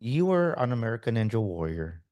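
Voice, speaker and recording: A man hosting a podcast, telling stories in an animated way and often checking in with "right?". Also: mid-range voice, a little fast. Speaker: podcast host. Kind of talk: casual interview chat.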